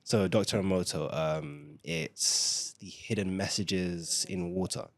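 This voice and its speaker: A man's voice: low voice, slow pace, no room sound. A young man from the UK, a family guest on a podcast, speaking in an earnest, reflective way with many fillers. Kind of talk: casual discussion.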